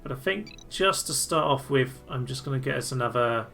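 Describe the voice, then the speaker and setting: A man's voice: mid-range voice, animated, moderate pace, creaky. A man giving casual, chatty commentary over a strategy game, with cheery self-deprecating asides. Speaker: gameplay commentator. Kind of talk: casual let's-play commentary. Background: game music underneath.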